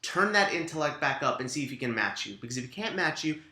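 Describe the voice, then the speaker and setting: A man's voice: a little high, sing-song, quick pace, bright, forceful tone, echoey room. A man co-hosting a casual podcast, giving frank, crude dating advice with emphasis. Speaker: podcast co-host. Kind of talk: casual chat.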